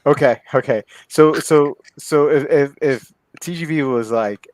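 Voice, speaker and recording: A man hosting a casual group talk about watches, chatty and full of questions and quick restarts. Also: a little high, no echo. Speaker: podcast host.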